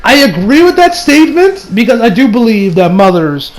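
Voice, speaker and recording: Young man, high-pitched, casual anime review, rambling, slangy, faint background noise. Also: big pitch swings, normal speed, poor audio. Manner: rambling, slangy, laughs often.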